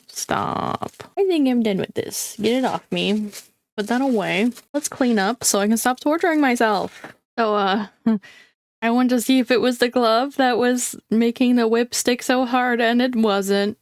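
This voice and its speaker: A woman chatting casually through a crafting vlog, talking to viewers with dramatic, squeamish groans and frequent laughs. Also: fairly high pitch. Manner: chatty, self-deprecating, laughs often. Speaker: craft vlogger.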